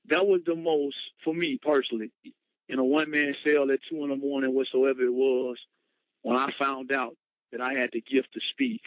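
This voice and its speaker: A man's voice: mid-range voice, level tone, moderate pace, no room sound. A man, a motivational speaker, telling his personal story with emphatic, dramatic retelling. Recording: dull lo-fi, dry sound.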